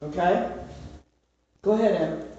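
A woman gives an informal Bible teaching with plenty of rhetorical questions. She leans hard on her key points and slows down to drive them home. Her voice carries across a very echoey room, picked up from a distance. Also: lowish voice, warm tone, highs cut off.

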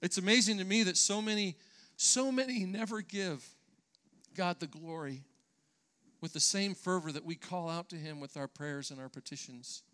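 Male pastor, church sermon, bright ringing voice, earnest and emphatic, occasional restarts. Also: high-pitched, normal speed, smooth.

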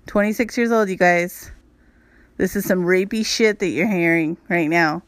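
A woman's voice: fairly low pitch, moderate pace, no echo. A woman hosting a podcast, telling a personal story in a candid, chatty way, full of "like" and asides to her listeners. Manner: candid, chatty, addresses listeners as "you guys"; frequent "like" fillers. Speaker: podcast host. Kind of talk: casual storytelling monologue.

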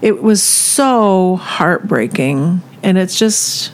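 A woman who volunteers with a ministry, telling a story in a halting way, with many fillers and restarts. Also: fairly low pitch, animated, a little hiss or hum. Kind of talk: casual storytelling chat.

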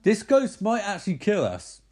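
A man voicing an exasperated young woman in a shrill, scolding voice. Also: huge pitch swings, moderate pace, darkish tone, exaggerated voice.

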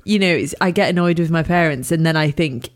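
A woman's voice: low voice, fast talker. A young woman, a podcast host, chatting candidly and laughing often. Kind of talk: casual chat.

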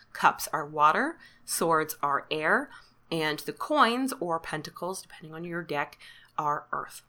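A woman's voice: lowish voice, pushed and bright. A Canadian woman hosting a podcast, talking in a chatty, self-deprecating way and laughing often. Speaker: podcast host. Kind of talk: casual solo podcast monologue.

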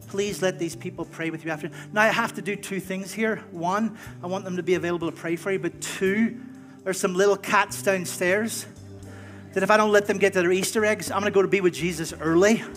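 High-voiced pastor, casual and stammering. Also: male voice, fairly bright tone. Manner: casual, conversational, frequent stammered restarts. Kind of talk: sermon closing and prayer.

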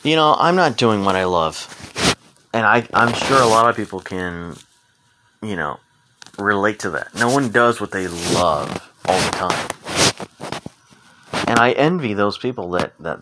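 A young man hosting a casual solo podcast, talking frankly and with plenty of swearing, rambling through his story and acting out what people said. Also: low-pitched. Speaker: podcast host. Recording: noticeable background noise.

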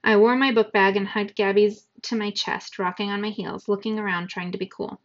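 A woman reading a novel aloud to students in an even, measured storytelling manner. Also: mid-range voice. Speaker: reader. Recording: dull lo-fi recording.

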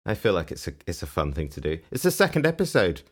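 A man's voice: low voice, huge pitch swings, fast. A man co-hosting a comedy podcast, teasing and rambling, laughing often. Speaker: podcast co-host. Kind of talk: casual comedic podcast chat.

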